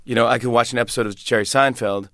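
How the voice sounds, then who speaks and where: A man, a comedian, telling a lively story in an interview and acting out other people's voices. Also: mid-range voice, fast talker, no echo, clean studio sound. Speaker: comedian guest.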